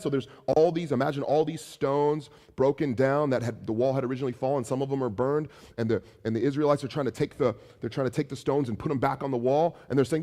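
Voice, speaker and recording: A man preaching as pastor, animated, acting out taunts in a raised voice, with some restarts. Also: mid-range voice, fast, hardly any pauses, in a large hall. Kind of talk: sermon.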